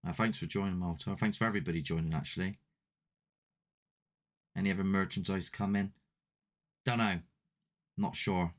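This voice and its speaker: A low-pitched man speaking at normal speed with fairly even intonation and frequent pauses hosts a paranormal channel. He chats casually with live-stream viewers, rambling a little and running himself down, via a desk mic with a ring light.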